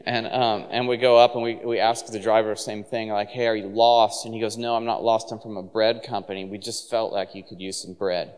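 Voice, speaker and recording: Animated male preacher in a reverberant hall. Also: lowish voice, a little fast, hardly any pauses, clean tone. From San Francisco. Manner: animated, laughing storyteller acting out quotes. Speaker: pastor. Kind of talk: sermon storytelling. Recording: long reverb of a large hall.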